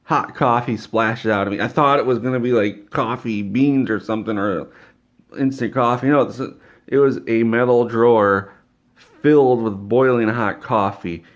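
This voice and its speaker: A man's voice: mid-range voice, moderate pace, dull audio. A man telling an absurd comedic story in a rambling way, stammering and repeating words.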